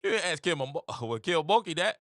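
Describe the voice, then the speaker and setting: A man's voice: fairly high pitch, very animated, fairly quick, fairly bright tone, no room sound, studio quality. A man hosting his own show, giving opinionated casual commentary, repeating phrases for emphasis and acting out quotes. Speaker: podcast host.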